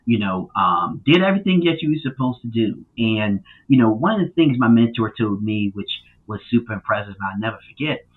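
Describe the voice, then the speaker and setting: A man who is a guest on a podcast, telling his story in a casual, animated way with many fillers and loud acted-out quotes. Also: on the low side, a little fast, few pauses, breathy edge. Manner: animated, lots of fillers, acts out quotes loudly. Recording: tinny phone-like line.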